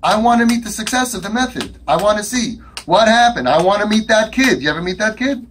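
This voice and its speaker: A man's voice: sits high, animated, fairly quick, a bit bright, a little hiss or hum. A man giving an impassioned talk to a live audience, firing rhetorical questions and acting out dialogues. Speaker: speaker addressing an audience.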